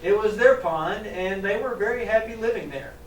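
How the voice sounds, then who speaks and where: A teacher trainer reads a picture book aloud to children in a high-pitched voice at a moderate pace, breaking off to ask them questions. He sounds animated and chuckles. The recording has a little hiss or hum, faint ambience, and echo from a distant mic.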